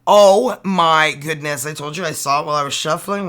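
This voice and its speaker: Bright, playful Canadian tarot reader. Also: medium pitch, animated, normal speed, few pauses. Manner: playful and exclamatory, drops in French card names. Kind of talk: casual tarot reading.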